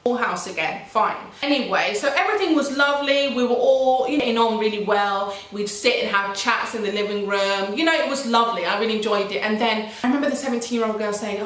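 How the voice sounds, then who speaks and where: A young woman telling a casual story on her vlog, animated and slangy, jumping high in pitch when she acts out what people said. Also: a little fast, hardly any pauses. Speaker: vlogger. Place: shared house living room. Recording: echoey room from far off.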